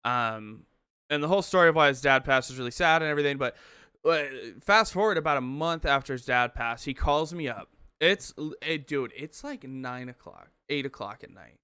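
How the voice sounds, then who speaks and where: A man on a podcast spins a rambling story with a bright, tense edge and crisp, smooth delivery. He swears freely and trips over restarts. The sound is dry and close. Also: medium pitch, normal speed, no room sound. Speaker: podcast co-host. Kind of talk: casual storytelling chat.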